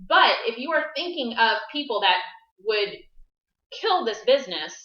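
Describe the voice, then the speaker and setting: A woman's voice: a little high, big pitch swings, moderate pace, pushed and bright, roomy sound, highs cut off. A woman giving an upbeat, explanatory business talk to a small room on a live stream. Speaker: business presenter.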